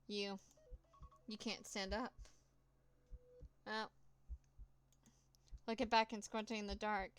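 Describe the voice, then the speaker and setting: A woman reading a horror text game aloud, voicing the cat's meows and the mouse's squeaks herself, with nervous asides between choices. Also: a bit bright, clean tone. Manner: reads with dramatic pauses and nervous asides. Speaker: gameplay narrator.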